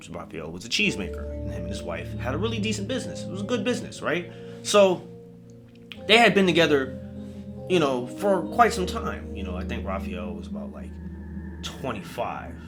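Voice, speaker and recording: A man telling a spooky story in a casual, comedic way, full of swearing and rambling asides. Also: medium pitch.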